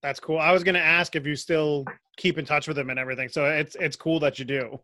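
A man's voice: a little high, steady tone, quick pace, bright, forceful tone. A man hosting a podcast interview, easygoing and agreeable as he chimes in. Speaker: podcast host.

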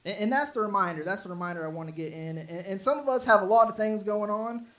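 Male pastor, high-pitched, earnest sermon, stumbling restarts. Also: fast, a bit bright, poor audio. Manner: earnest, repetitive with frequent restarts and fillers.

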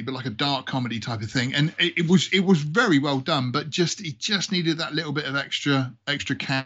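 A man's voice: medium pitch, a bit bright, highs cut off. A British man casually chatting about films as a podcast co-host, rambling and jokey. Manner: rambling, jokey, laughs often.

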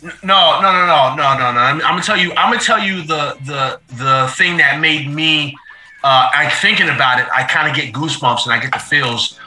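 High, bright man in casual chat. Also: brisk, reverberant, faint music behind, low-quality recording. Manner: emphatic, repeats himself, laughs often.

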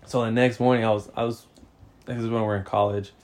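A man's voice: on the low side, little pitch movement, fast, a little mellow. A man in his twenties, a podcast co-host, telling a story in casual slang with lots of swearing and laughter.

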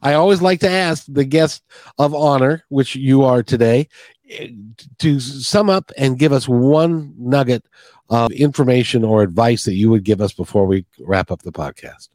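A man's voice: medium pitch, normal speed, darkish tone, no room sound. A man hosting a podcast interview, talking earnestly and rambling with many restarts. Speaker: podcast host. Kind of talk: heartfelt podcast interview chat.

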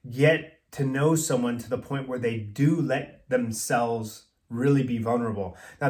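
A man who works as a personal trainer, co-hosting a podcast in casual chat and explaining things in an easygoing way. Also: mid-range voice. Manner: easygoing, explanatory, drifts into acted-out dialogue.

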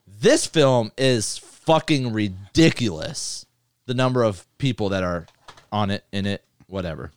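Smooth-voiced man hosting a movie podcast. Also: on the low side, animated, no echo, studio quality. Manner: loose, profane, reads lists quickly. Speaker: podcast host. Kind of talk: casual movie podcast chat.

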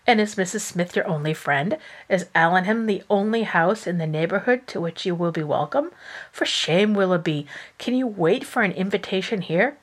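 A woman's voice: lively intonation, normal speed. A woman voicing an earnest, anxious genteel middle-aged mother as she reads aloud. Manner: earnest, raised pitch. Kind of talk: reading aloud.

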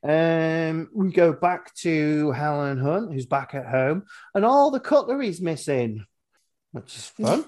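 A man's voice: fairly high pitch, expressive, slow, darkish tone. A man hosting a podcast, recapping a horror film in rambling, wry casual chat and swearing freely. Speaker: podcast host.

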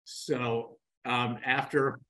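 A man in his sixties, a podcast guest, telling animated stories and acting out the dialogue. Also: mid-range voice, extremely slow, poor audio. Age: 60s. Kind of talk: storytelling in a podcast interview.

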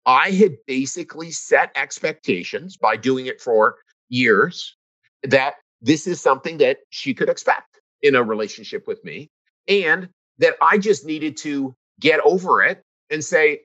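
A middle-aged man talks in an earnest, reflective way, circling back and restarting as he tells a personal story. His mid-pitched voice comes through a slightly dull, muffled recording. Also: normal speed, fairly bright tone. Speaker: podcast co-host. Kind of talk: casual conversation.

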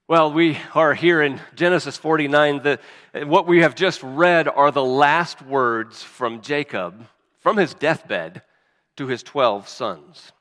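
A man's voice: on the high side, takes it slowly, a bit bright. A man preaching a sermon as a pastor, earnest, with restarts and emphatic rises. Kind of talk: sermon with scripture reading and prayer. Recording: long reverb of a church hall.

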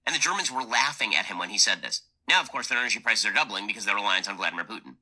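A man's voice: medium pitch, expressive, fast, hardly any pauses, sharp tone, poor audio. A man giving political commentary in a pointed, scornful way. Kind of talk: fast commentary.

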